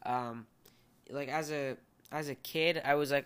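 Goofy rambling young man, bright voice. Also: mid-range voice, steady tone, measured pace, clear, resonant tone. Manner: goofy, self-deprecating, rambling with many fillers. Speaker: podcast host. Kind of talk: rambling solo podcast chat.

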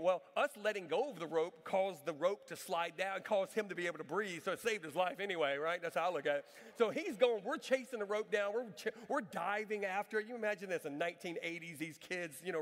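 A middle-aged man preaching a sermon, telling a funny personal story with animated energy and then pressing his point with emphatic questions. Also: high voice. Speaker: pastor. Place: church sanctuary. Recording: long reverb of a large church hall.

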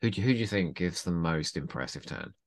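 A man's voice: low voice, animated, brisk. A man hosting a podcast in casual chat, teasing his guest and laughing often. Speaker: podcast host.

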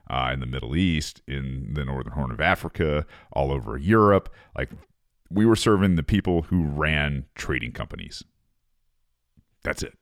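Man, very low voice, sarcastic, swearing, reads and mocks an article, dry sound. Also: no room sound. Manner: profane, sarcastic, ranting. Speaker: commentator, former Marine. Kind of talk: casual monologue reading and reacting to an article.

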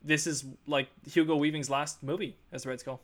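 A man's voice: a little high, steady tone, fairly quick, fairly bright tone. A man hosting a casual movie podcast, chatty and full of restarts. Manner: chatty, with frequent restarts and fillers. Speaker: podcast host.

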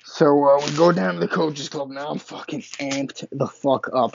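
A man's voice: a little high, steady tone, normal speed, creaky, highs cut off, background noise. A man, casually telling a personal story, swearing often and stumbling over restarts. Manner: profane, rambling, frequent restarts and stammers.

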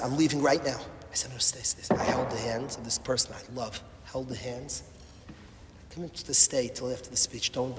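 A man giving an emotional sermon, impassioned and repetitive, swinging from loud appeals to hushed words. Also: mid-range voice, a little hiss or hum. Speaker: rabbi or Torah speaker. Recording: echoey hall, faint ambience.

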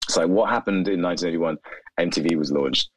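A man, a video creator, talking casually in an interview with many "like" fillers and animated asides. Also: low-pitched, fast, rough recording. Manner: rambling, animated, lots of "like" fillers.

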